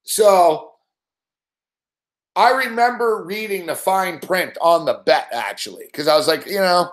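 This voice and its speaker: A man with a high voice rants about a lost bet, swearing nonstop and acting out every moment. The echo of a bare room rings around his words. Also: measured pace. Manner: swears constantly, animated, acts out scenes. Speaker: sports betting show host. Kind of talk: profane ranting live-stream chat.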